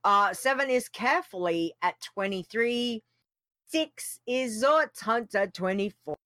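A woman's voice: mid-range voice, lively intonation, unhurried, fairly bright tone, no echo, studio quality. A woman co-hosting a casual podcast, chatty and teasing. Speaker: co-host.

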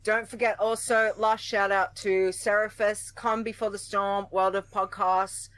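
A woman's voice: mid-range voice, flat delivery, a little slow, fairly bright tone, dry recording, poor audio. A woman co-hosting a gaming podcast in casual chat, giggling often and thanking listeners. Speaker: podcast co-host.

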